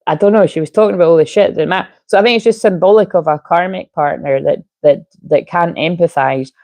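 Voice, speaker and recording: A woman's voice: lowish voice, brisk, warm tone, no room sound. A woman giving a casual, rambling tarot reading, drifting off topic and swearing now and then. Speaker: tarot reader.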